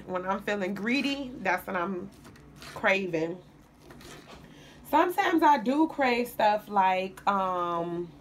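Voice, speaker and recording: A woman's voice: medium pitch, a little hiss or hum. A woman chatting casually to viewers as she cooks in her home kitchen. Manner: chatty, addresses viewers while cooking. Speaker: home cook vlogger. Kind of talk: casual cooking vlog.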